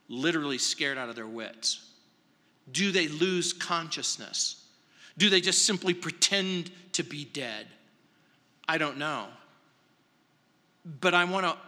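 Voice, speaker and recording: A man preaching a verse-by-verse sermon as pastor, slow and emphatic, often dropping soft to stress a point. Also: on the high side, in a large hall. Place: large church sanctuary.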